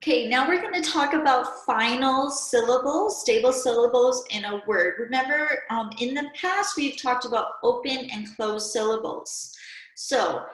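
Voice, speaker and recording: A woman teacher giving a recorded reading and spelling lesson to children, speaking clearly and patiently and asking them to pause and answer aloud. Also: a little high. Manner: slow, clear, patient classroom delivery with prompts to pause. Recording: echoey room.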